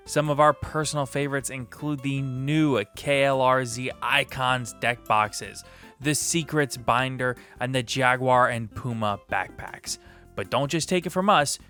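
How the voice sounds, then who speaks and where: A man's voice: mid-range voice, pushed and bright. A man hosting a casual podcast, upbeat and jokey, reading sponsor notes and lists of names. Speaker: podcast host.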